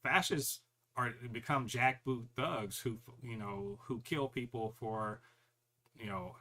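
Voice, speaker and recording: A man with a bright, forceful voice holds forth in casual chat, his pitch sitting right in the middle for a man. He talks in an animated, profane way and slips into mocking voices to quote others. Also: slow pace. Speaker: podcast co-host.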